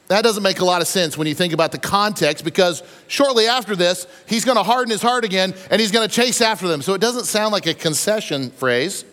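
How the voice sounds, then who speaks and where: A married man preaching a sermon, telling stories and acting out the quotes in an animated way. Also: high voice. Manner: animated storytelling, acts out quotes. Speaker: pastor. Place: church sanctuary. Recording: long reverb of a church hall.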